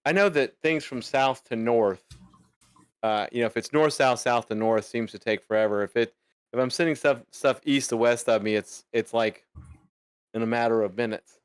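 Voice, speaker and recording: A man co-hosting a casual podcast chat, joking and now and then slipping into goofy squeaky bits. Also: normal speed, clean tone, dry recording, clean studio sound. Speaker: podcast co-host.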